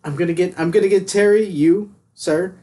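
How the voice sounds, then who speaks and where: A man's voice: high voice, fairly even intonation, normal speed, dark tone. A man with a Midwestern American accent, chatting casually as a streamer in a rambling way. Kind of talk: casual chat.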